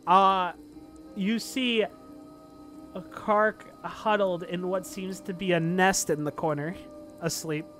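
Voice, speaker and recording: A man's voice: high voice, steady tone, slow, pushed and bright. A man running a tabletop game as game master, narrating loosely with lots of fillers. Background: faint background music.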